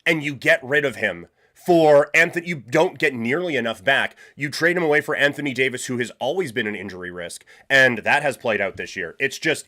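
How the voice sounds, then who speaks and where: A man's voice: mid-range voice, sharp tone. A man hosting a live sports talk stream, ranting emphatically with rhetorical questions and frequent restarts. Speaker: podcast host.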